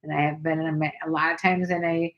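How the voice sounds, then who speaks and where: Older woman, livestream host, lowish voice, frank and playful with comment replies. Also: level tone, quick pace, a bit bright, dull audio. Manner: chatty, reads comments aloud, frank and playful. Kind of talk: casual livestream chat reading viewer comments.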